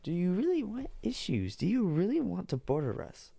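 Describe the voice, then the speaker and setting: A man's voice: sits high, huge pitch swings, normal speed, vocal fry, dark tone, dry recording, voice pushed up, full character voice. A man voicing a big bully country that taunts and threatens its neighbor. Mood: menacing.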